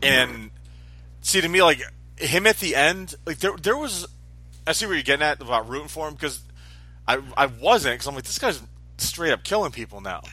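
A man's voice: fairly high pitch, normal speed. A man in casual chat about a movie, retelling scenes and acting out his reactions. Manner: animated storyteller, acts out reactions. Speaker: movie podcast co-host.

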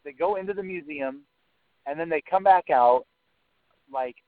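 Guy telling a story on a podcast, kinda high voice, says like a lot, swears, tinny dry sound. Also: moderate pace, no room sound. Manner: swears freely, lots of "like". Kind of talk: casual storytelling chat. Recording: dry, narrow phone-like sound.

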